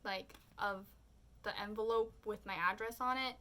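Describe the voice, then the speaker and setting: A young woman vlogger chatting casually through a story, full of "like"s, and she voices her own remarks in quotes with high squeals. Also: steady tone, moderate pace, fairly bright tone.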